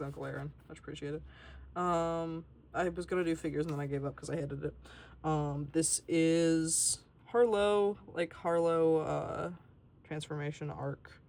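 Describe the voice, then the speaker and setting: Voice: medium pitch, vocal fry. A young adult artist giving a casual, rambling tour of a sketchbook and swearing freely along the way.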